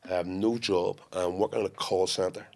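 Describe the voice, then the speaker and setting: A man's voice: low voice, normal speed, gravelly. A man with a Belfast accent, a guest actor chatting in a casual podcast interview, telling stories animatedly with frequent restarts. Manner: animated storyteller who acts out quotes with frequent restarts.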